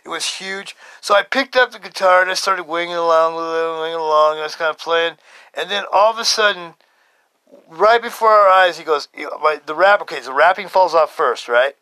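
A man in his fifties telling a story as a podcast host, casual and excitable, swearing and laughing often. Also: on the high side, brisk, no echo. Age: 50s.

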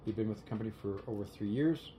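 A man co-hosting a podcast, delivering news in a measured, halting way with many fillers. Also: fairly low pitch, warm tone. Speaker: podcast co-host. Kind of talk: casual chat. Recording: faint background noise.

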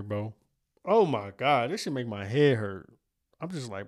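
Closing out his own podcast recorded at home, this young male host rambles, curses and keeps laughing at his own expense. His mid-range, darkish voice is very animated and a little slow, picked up by a studio mic.

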